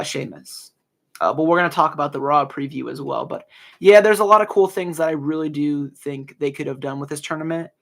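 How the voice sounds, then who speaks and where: A man's voice: on the high side, vocal fry. A young man in his early twenties hosting a casual solo podcast, talking earnestly with many fillers and restarts. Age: early 20s. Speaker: podcast host.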